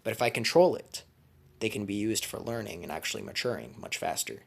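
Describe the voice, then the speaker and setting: A man's voice: on the low side, animated, fairly quick, vocal fry, husky. A man casually telling a made-up fan story, crude, slangy and rambling.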